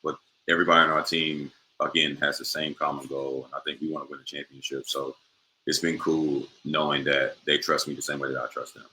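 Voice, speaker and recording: A man's voice: extremely low pitch, flat delivery, brisk, bright, forceful tone, slight background noise, low-quality recording. A young man, a professional basketball player, answering interview questions in a laid-back way with many fillers.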